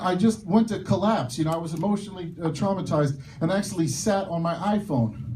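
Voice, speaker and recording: On a comedy club stage, a male stand-up comedian with a high voice performs his set, doing loud crowd work and landing self-mocking punchlines. The mic is slightly distant and carries a little hiss or hum.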